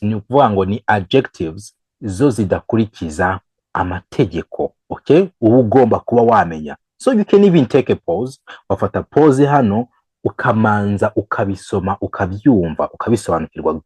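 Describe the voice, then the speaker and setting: A man's voice: lowish voice, a little mellow, breathy edge, dry recording, poor audio. Man teaching English grammar. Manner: switches between English and Kinyarwanda, repeats examples slowly, counts the learner in. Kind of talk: bilingual grammar lesson.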